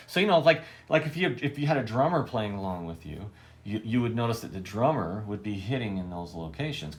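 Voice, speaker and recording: A man's voice: medium pitch, expressive, fast talker, very noisy. A man teaching a guitar lesson who says okay constantly, keeps checking that the student understands, and scats rhythms aloud. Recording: loud guitar playing between talk. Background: guitar strumming.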